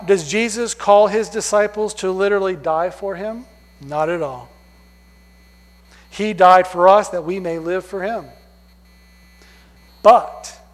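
A man preaching a sermon, emphatic, swinging from loud stresses down to hushed words. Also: high-pitched. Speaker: pastor. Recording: long hall reverb.

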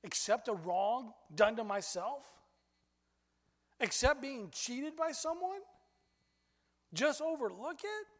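High-voiced preacher in an echoing hall. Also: male voice, slow, pauses often. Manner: animated storytelling, rising high when excited. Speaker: pastor. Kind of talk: sermon.

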